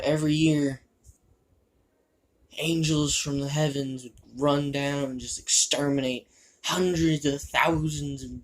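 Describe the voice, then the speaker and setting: A man's voice: mid-range voice, slight background noise, lightly acted. A man voicing a crude, boastful male spider demon in a fan fiction monologue, rambling and gleeful about violence, with a shifting put-on British-style accent.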